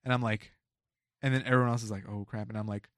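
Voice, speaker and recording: A young man, a retail store worker, casually telling an animated work story, acting out quotes and swearing freely. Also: on the low side, fast, no room sound, studio quality.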